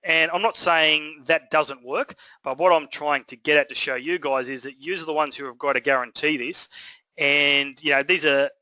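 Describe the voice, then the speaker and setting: Man, Australian accent, trades instructor, rambling chat, bright voice, dry close sound. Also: a little high, fairly even intonation, normal speed, no room sound, poor audio. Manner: rambling, conversational, filler-heavy. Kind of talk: casual recorded lesson.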